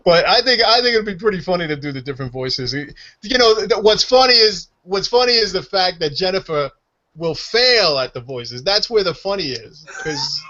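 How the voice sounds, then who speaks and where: A man with a New York accent, co-hosting a casual chat, profane and animated. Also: sits high, normal speed, lo-fi sound. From United States. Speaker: co-host.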